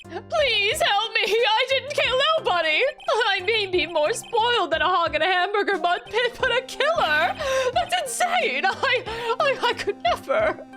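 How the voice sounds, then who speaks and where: A woman voicing a panicking country-bumpkin male stage magician in a high-pitched pleading drawl, with game music behind. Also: big pitch swings, a little slow, heavily acted. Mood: panicked pleading.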